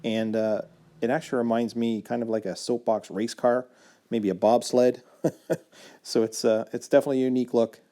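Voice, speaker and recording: A man casually narrating his own build video as a voice-over, explaining each step in a relaxed way, with fillers and self-corrections. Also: mid-range voice, normal speed. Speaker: woodworking video maker.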